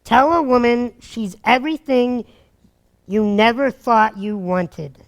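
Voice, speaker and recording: A man giving dating advice through energetic, animated stories, acting out what people said and laughing often. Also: extremely high pitch, slow. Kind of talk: animated storytelling talk.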